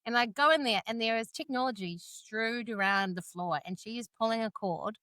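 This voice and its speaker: A woman's voice: fairly high pitch, normal speed, no echo. A New woman co-hosting a podcast, telling stories with acted-out quotes in casual chat. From New Zealand. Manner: lively storyteller, acts out quotes. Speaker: podcast co-host.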